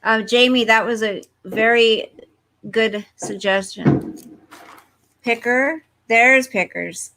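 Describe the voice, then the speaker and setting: A woman's voice: a little high, slow, bright, forceful tone, slight background noise. A woman hosting a casual livestream from home, chatting with viewers and reading their comments aloud. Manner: chatty, talks straight to viewers, easily distracted. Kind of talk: casual live chat. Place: at home, fireworks outside.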